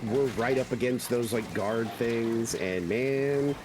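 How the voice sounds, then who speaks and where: Man, game streamer, casual chat, unhurried, rambling with fillers, background noise. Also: medium pitch. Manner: rambling storyteller with many fillers. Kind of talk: casual chat while gaming.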